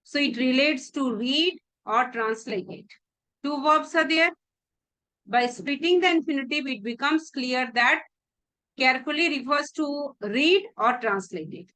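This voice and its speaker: A woman with an Indian English accent teaches English grammar for exam prep. Her voice sits high, and she talks patiently, repeating key phrases and restarting words as she explains. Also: unhurried, bright, forceful tone, poor audio.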